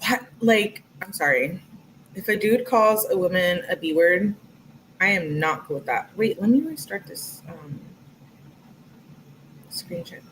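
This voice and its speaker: Speaking unhurriedly and expressively in a fairly low voice, a young woman reads text messages aloud on a livestream with long pauses. She keeps it chatty, layering her own remarks over the quotes in this casual read-through, against a noisy background.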